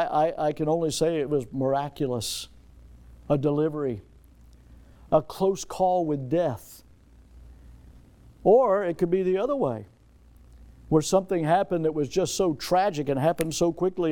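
Mellow-voiced male preacher, rhetorical and dramatic. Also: a little high. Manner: dramatic preaching, rhetorical questions, repeated phrases. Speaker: pastor. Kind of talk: sermon.

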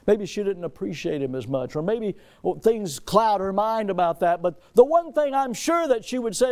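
A man's voice: high-pitched, sing-song, a little slow, darkish tone. A middle-aged male pastor preaching a sermon, posing rhetorical questions and repeating key phrases for effect.

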